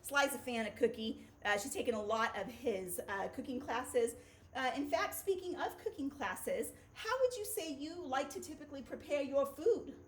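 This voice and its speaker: A woman's voice: high-pitched, expressive, normal speed. A woman teacher giving a children's phonics video lesson in an upbeat, playful way.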